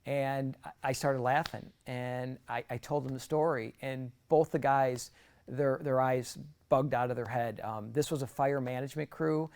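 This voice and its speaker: A man's voice: mid-range voice, steady tone, normal speed, darkish tone. A middle-aged man giving an earnest, conversational personal testimony as a guest speaker, often restarting his sentences.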